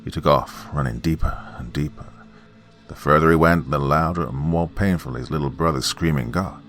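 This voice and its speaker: A man's voice: very deep voice, normal speed, fairly bright tone, soft background music. A man narrating a horror story in a folksy, dramatic campfire style, dropping to whispers for suspense.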